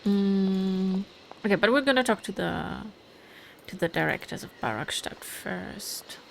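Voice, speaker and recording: A woman's voice: mid-range voice, animated, unhurried, creaky, slight background noise. A woman giving casual let's play commentary, chatty and musing aloud about the game. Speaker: gaming streamer.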